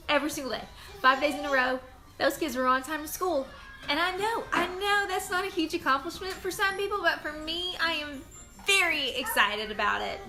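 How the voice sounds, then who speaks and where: A woman's voice: high-pitched, sharp tone. A bubbly, chatty woman, hosting a casual live stream from home and greeting viewers by name. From Texas.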